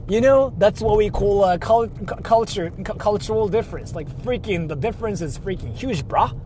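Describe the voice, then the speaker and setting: A high, lively voiced Japanese man with a Japanese accent chats casually from behind the wheel, full of crude jokes and "like" fillers. His pitch swoops up and down constantly. Clear traffic noise sits under the voice inside the car. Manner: animated, crude joking, frequent "like" fillers. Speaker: YouTuber. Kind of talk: casual chat while driving. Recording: noisy car recording.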